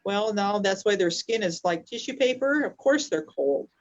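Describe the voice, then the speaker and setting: A woman's voice: medium pitch, lively intonation, normal speed. A woman teaching dementia care in a live online session, affirming her co-trainer with frequent yeps. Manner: warm affirming, frequent "yep". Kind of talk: live-streamed training chat. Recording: dull lo-fi sound.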